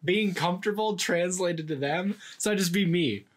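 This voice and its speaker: A man's voice: sits high, normal speed. A young man and college student, guest on the show, talking in casual chat, joking and swearing freely. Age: young adult. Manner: joking, animated, profane.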